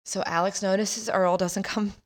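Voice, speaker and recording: A woman's voice: medium pitch, steady tone, moderate pace. A woman in her thirties casually telling a personal story as a podcast host, chatty and laughing, acting out the voices of family members.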